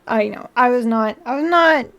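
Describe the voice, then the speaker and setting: A woman's voice: a little high, normal speed, fairly bright tone. A woman chatting casually on a live stream at home while building a model kit, laughing often and acting out her own annoyed comebacks. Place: indoors at home.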